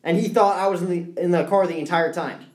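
A man's voice: high voice, quick pace, echoey room. A young man co-hosting a podcast, telling a story in casual chat. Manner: storytelling, animated impressions. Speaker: podcast co-host.

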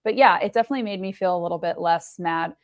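A woman's voice: fairly low pitch, fast. A woman co-hosting a podcast in casual chat, joking and swearing as she tells stories. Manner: animated, joking storyteller who swears. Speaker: podcast co-host.

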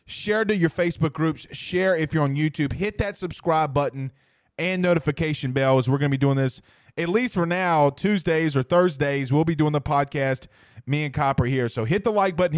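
A man co-hosting a casual sports podcast, excitable and animated, jumping between quick banter and self-corrections. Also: a little high, no echo, clean studio sound. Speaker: podcast co-host.

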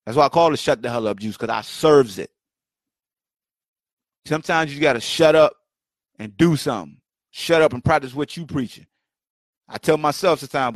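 This podcast host talks alone on a livestream from home, his commentary heated and rhetorical, packed with repetition and mocking questions. He sounds a little high and moderately paced with long pauses, recorded at studio quality without echo.

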